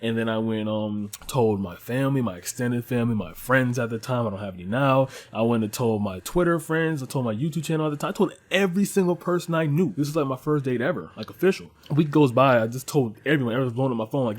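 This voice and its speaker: A man's voice: medium pitch, quick pace, few pauses. Profane, rambling young man reviewing anime. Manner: profane, animated and rambling with frequent laughs. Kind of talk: casual commentary and personal storytelling.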